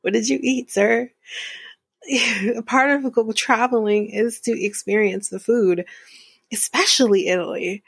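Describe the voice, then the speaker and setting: A woman's voice: fairly high pitch, steady tone, unhurried, creaky, long pauses, slightly rough, dry recording. A woman hosting a podcast, recapping a reality show in a candid, chatty way with frequent laughs. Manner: chatty, candid, laughs often, drifts into whispered asides. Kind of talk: casual chat.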